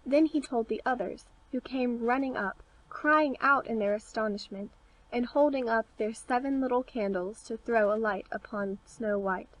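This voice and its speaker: A woman narrating a fairy tale audiobook with a clear, steady read-aloud delivery. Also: fairly high pitch, moderate pace, poor audio. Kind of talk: scripted storybook narration.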